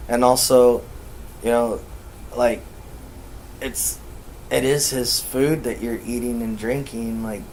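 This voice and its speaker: A man's voice: mid-range voice, slow, long pauses, slight background noise. A man, a podcast host, casually telling a ghost story with heavy swearing and acting out the quoted dialogue. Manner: profane, animated, acts out quoted dialogue.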